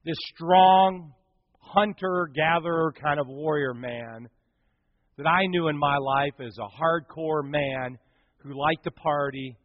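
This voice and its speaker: A man's voice: fairly high pitch, steady tone, takes it slowly, no echo. Man telling a sermon story, dull recording. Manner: dramatic swings from loud to hushed. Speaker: preacher. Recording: dull dry sound.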